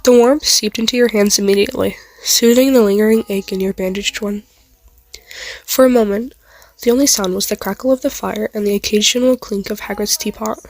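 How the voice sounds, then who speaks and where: A woman's voice: mid-range voice, steady tone, brisk, no room sound, poor audio. Casual woman reading a story aloud. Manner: casual, stumbles and apologizes mid-read.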